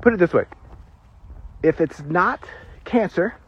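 Animated preacher man who giggles often. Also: high voice, measured pace, husky. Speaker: pastor. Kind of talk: sermon. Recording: dull lo-fi recording.

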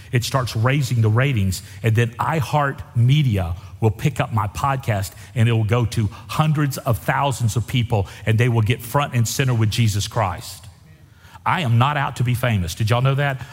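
A man's voice: mid-range voice, husky. A man preaching a sermon as pastor, in a folksy, emphatic style with lots of repetition. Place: church sanctuary. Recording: long reverb of a church hall.

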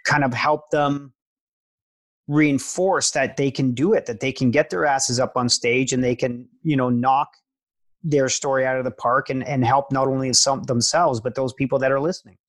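A man's voice: medium pitch, fairly even intonation, normal speed. A man hosting a podcast, asking long, rambling questions in an enthusiastic, encouraging way. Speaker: podcast host. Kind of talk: casual interview chat.

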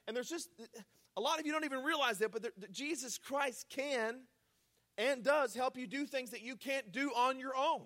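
A man pastor preaching a sermon, earnest, moving between hushed pleading and loud emphatic urging. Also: very high voice, normal speed.

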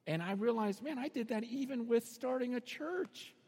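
A man preaches in a high, light voice, talking to the congregation like a conversation and firing off questions. His words ring out with a long reverb, as if from a big hall. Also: moderate pace, a little mellow. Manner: conversational, questioning, acts out quotes. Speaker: pastor. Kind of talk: sermon.

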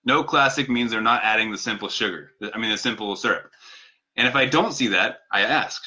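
A man's voice: lowish voice, fairly quick, sharp tone. A man talking casually to viewers in an advice vlog, earnest and conversational, repeating his key points. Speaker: vlogger giving diabetes advice. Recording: dull lo-fi sound.

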